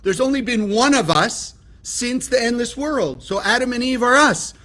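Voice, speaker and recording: High-voiced man teaching a spiritual lesson. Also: animated, moderate pace, pushed and bright. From California. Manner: emphatic, asks the listeners rhetorical questions. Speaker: Kabbalah teacher.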